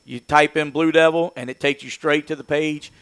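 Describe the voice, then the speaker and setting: A man's voice: fairly high pitch, fairly even intonation, moderate pace, fairly bright tone, clean tone, no room sound. A man, a sports broadcaster, talking in a folksy, rambling way on a casual sports talk show. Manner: folksy, rambling, laughs easily.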